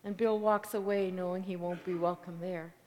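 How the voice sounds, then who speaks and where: A woman preaching a sermon as a story, swinging between loud declarations and hushed whispers. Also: lowish voice, fairly even intonation, moderate pace, a little hiss or hum. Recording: long reverb of a large hall.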